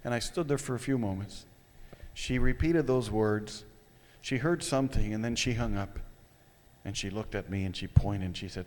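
A man telling a personal story to an audience, retelling it in an animated, dramatic way. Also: lowish voice, normal speed. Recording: echoey hall.

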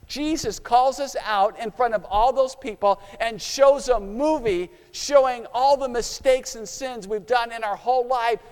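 A man's voice: very high voice, measured pace, few pauses, clean tone. A man preaching a sermon, telling a story dramatically and acting out its scenes. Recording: long hall reverb.

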